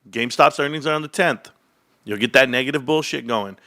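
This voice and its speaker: A man hosting a casual livestream, talking about stocks in an animated, boastful, rambling way. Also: medium pitch, brisk, no echo. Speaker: host.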